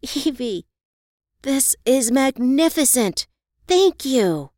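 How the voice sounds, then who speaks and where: A woman reading the part of an excited young bride who speaks in an affectionate, exclamatory way. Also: low-pitched, brisk, no room sound, clean studio sound.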